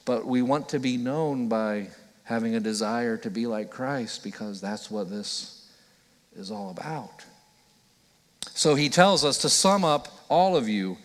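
A man's voice: mid-range voice, a little slow. A male pastor preaching a conversational, earnest sermon, often acting out the voices of people he quotes. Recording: long hall reverb.

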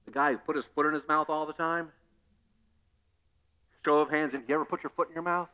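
A male pastor preaching a sermon in an animated way, acting out scenes with humor. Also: fairly high pitch, a little fast, clean tone.

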